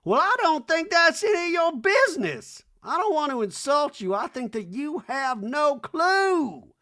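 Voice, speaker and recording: A man voicing a cold, blunt older woman, a stern mother, in a high, slow, drawn-out voice. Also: very animated, pushed and bright, exaggerated voice. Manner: icy, drawn-out, high put-on voice.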